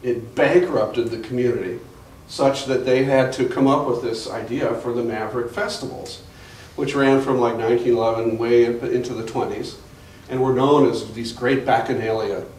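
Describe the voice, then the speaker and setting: A darkish, mid-range male voice holds a steady tone at a moderate pace as an older guest speaker at a museum meanders through family tales, restarting lines and using fillers. Heard from the audience via a distant camera mic, the gallery sounds echoey and far away, with a faint hiss.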